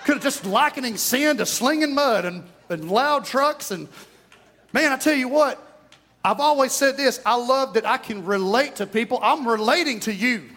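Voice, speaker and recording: East texas preacher guy, folksy and joking, kinda high voice, church sermon. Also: normal speed, a bit bright. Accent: East Texan. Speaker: pastor. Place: church sanctuary.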